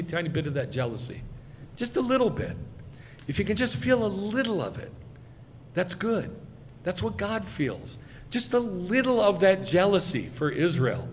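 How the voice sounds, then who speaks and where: A man giving a sermon as a rabbi, speaking with emphasis and swelling loud on key phrases. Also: on the high side, long reverb tail, slight background noise. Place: congregation sanctuary.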